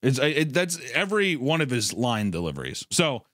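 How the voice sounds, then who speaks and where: A man co-hosting a podcast in casual chat, telling a story in a rambling, animated way. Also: medium pitch, moderate pace, dry recording, studio quality. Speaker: podcast co-host.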